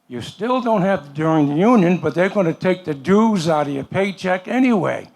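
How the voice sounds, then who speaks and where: A man's voice: high-pitched, expressive, normal speed, creaky, hardly any pauses, darkish tone. An older man, a retired worker, making a plain-spoken, folksy comment from the audience at a forum. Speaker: audience member.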